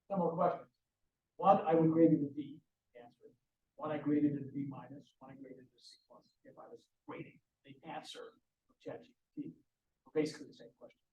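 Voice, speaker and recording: A man giving a conversational conference presentation with frequent restarts. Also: on the high side. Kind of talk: conference talk. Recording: roomy, distant, dull sound.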